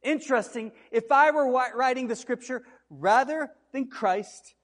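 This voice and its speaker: A man's voice: very high voice, a little slow, a bit bright, big-room sound. A man preaching a sermon as pastor, building to emphatic, repeated cries.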